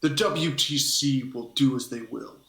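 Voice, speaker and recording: A man's voice: medium pitch, a little slow, pushed and bright. A man voicing a proud, guarded lion-folk man who talks curtly and defensively. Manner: curt, defensive. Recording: echoey room.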